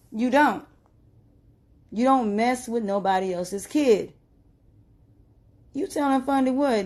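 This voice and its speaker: A woman, ranting emphatically on a live stream and growing loud and agitated. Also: medium pitch. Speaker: livestreamer. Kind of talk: heated live-stream rant.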